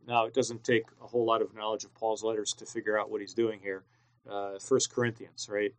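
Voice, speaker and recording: A man teaching a Greek text lesson, talking deliberately with many filler pauses. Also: fairly low pitch, level tone, no echo, poor audio. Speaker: Greek New Testament teacher. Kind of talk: classroom lecture.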